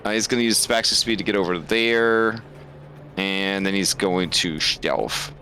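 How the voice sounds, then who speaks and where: Slow, relaxed man running a game. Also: low-pitched, soft background music. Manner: relaxed, thinking aloud with many fillers. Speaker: game master.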